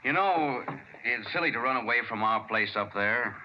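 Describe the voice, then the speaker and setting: An actor playing a calm middle-aged male asylum doctor, reassuring, in 1940s radio acting. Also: medium pitch, normal speed, lightly acted. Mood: soothing. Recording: dull old radio recording, faint hiss.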